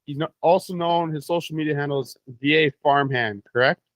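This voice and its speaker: A man's voice: fairly high pitch, fairly quick, no echo. Easygoing young Canadian man interviewing. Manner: easygoing, joking interviewer with frequent agreement. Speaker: podcast co-host. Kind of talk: casual chat.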